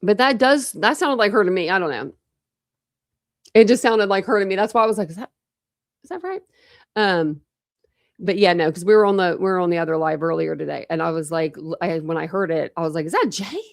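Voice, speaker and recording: A woman's voice: lowish voice, brisk, vocal fry, dry recording, studio quality. A woman hosting a true crime livestream, chatting casually and rambling with lots of restarts. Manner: rambling, self-interrupting.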